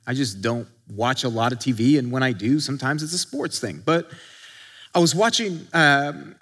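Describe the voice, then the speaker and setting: A man's voice: medium pitch, a bit bright. A male pastor preaching a conversational sermon, acting out quotes and often restarting his sentences.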